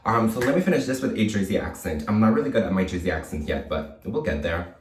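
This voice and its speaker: A man's voice: fairly low pitch, lively intonation, quick pace, echoey room, recorded from a distance. A man talking casually to his viewers as a makeup vlogger, chatty, playful and self-mocking, with the odd swear. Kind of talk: casual chat to camera.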